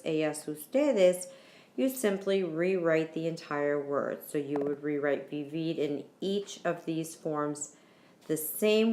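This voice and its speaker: Patient and repetitive, a woman teaching Spanish walks through verb endings in a recorded lesson, spelling each one letter by letter. She speaks in a low pitch, and the sound is reverberant.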